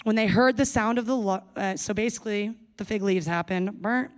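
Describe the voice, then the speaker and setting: A woman's voice: medium pitch, brisk. A young adult woman giving a sermon to a young adults service, speaking casually and playfully with jokey asides.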